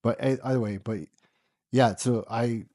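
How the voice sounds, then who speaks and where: A man's voice: mid-range voice, steady tone, measured pace, warm tone, no echo, studio quality. A man from the United States telling a personal story in a casual, rambling way, full of fillers and the odd swear word. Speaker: podcast guest.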